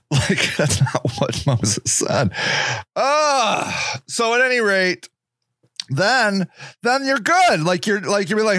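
A man's voice: medium pitch, sing-song, a little slow, a bit bright, no room sound, studio quality. A man hosting a casual solo podcast, rambling sarcastically and mocking other people's voices. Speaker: podcast host.

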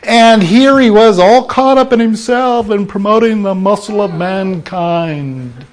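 A man preaching a sermon, emphatic and full of rhetorical questions, sometimes dropping into quiet asides. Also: extremely high pitch, normal speed.

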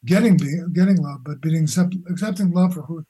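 Older male guest, halting and reflective; warm, dark tone, slightly high pitch. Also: husky, poor audio. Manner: halting, searching for words with many restarts. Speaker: guest, philosopher and boxing coach. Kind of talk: conversational interview.

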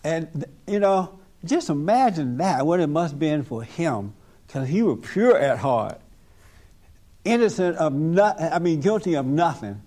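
Male pastor, emphatic preacher in group discussion, voice a touch high. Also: big pitch swings, unhurried, mellow. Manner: emphatic, preachy, laughs often.

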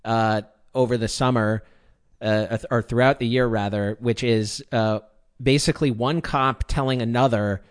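Stammering male interviewer. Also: mid-range voice. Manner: halting, stammers, many uh fillers. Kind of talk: casual interview talk.

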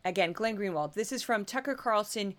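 A woman from the Midwest with a Missouri accent, hosting a podcast in chatty, animated commentary. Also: mid-range voice, brisk. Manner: chatty, animated, often laughing. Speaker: podcast host. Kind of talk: casual commentary.

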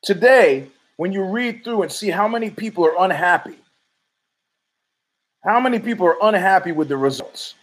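A man rambles through a casual podcast monologue in a fairly high voice. He swears freely and keeps talking back to himself. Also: animated, normal speed, low-quality recording. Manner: rambling, profane, argues with himself. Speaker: podcast host.

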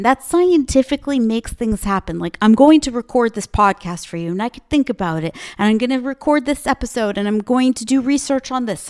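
A woman's voice: fairly high pitch, a little mellow. A woman hosting a podcast, speaking into a microphone in an emphatic motivational monologue with punchy repeated slogans. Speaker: podcast host.

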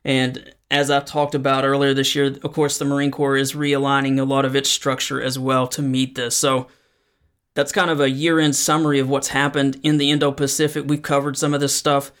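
A man's voice: medium pitch, completely flat delivery, a little fast, fairly bright tone, clear, resonant tone. A man hosting a solo podcast, explaining current affairs in a conversational way with frequent fillers. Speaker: podcast host. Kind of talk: solo news commentary podcast.

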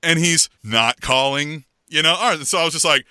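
A middle-aged man co-hosting a podcast, telling a story in animated, chatty fashion and acting out the other people in it. His voice is very bright and fairly high for a man, and his pitch swings widely. The sound is close and dry. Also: moderate pace, clear, resonant tone, dry recording. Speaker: podcast co-host. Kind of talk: casual chat.

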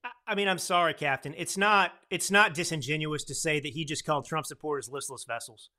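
A man's voice: on the high side, a little fast, sharp tone. A man in his thirties hosting a political commentary podcast, talking emphatically and checking in with his producer. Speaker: podcast host.

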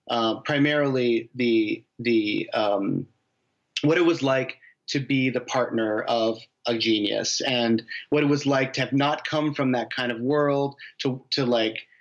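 A man's voice: mid-range voice, lo-fi sound. A man, a novelist from the United States, answering interview questions in a rambling way, with many restarts and fillers. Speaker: novelist guest.

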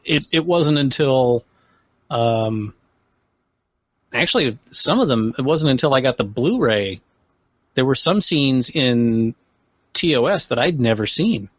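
A man's voice: mid-range voice, expressive, unhurried, long pauses, fairly bright tone, dry recording, lo-fi sound. A man talking in a casual, rambling podcast chat. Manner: rambling, self-correcting.

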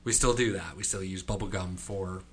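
A man's voice: deep voice, steady tone, normal speed, fairly bright tone, husky. A man hosting a podcast, talking casually and enthusiastically about favorite lines. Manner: enthusiastic, quotes lines aloud. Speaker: podcast host. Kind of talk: casual discussion.

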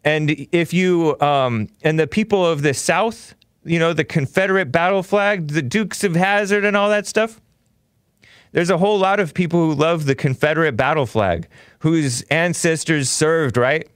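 A man's voice: fairly high pitch, moderate pace, smooth, no echo. Guy ranting on his talk show, mocking and rambling, dry close mic. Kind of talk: casual talk show rant.

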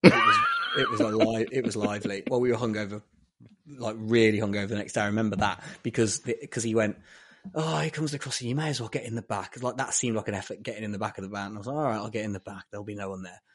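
A man's voice: lowish voice, huge pitch swings, fast, fairly bright tone. A man telling a story in casual chat, animatedly acting out the lines of the people in it.

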